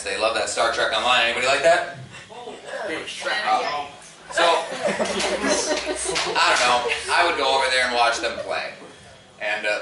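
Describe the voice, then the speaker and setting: On a convention stage before a live audience, a stand-up comedian in his thirties performs in a medium-pitched voice that sounds pushed and bright. He acts out quotes in his stories and laughs at his own jokes, recorded in a noisy, echoey room far from the mic.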